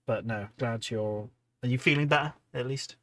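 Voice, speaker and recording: Male streamer, tired, chatty, rambling casual talk, mid-range pitch. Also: moderate pace, fairly bright tone. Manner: rambling, chatty, many ums and restarts, reading out chat. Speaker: hobby livestream host. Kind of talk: casual livestream chat while painting miniatures.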